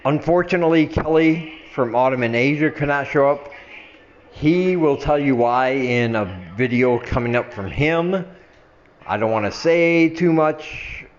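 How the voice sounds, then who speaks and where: Older guy vlogging, a bit slurry, trails off low at the ends, kinda dull audio with faint hum. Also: unhurried. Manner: chatty, laughs at himself, drifts into a low mumble at the ends of phrases. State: slightly slurring after wine. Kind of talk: casual chat to camera.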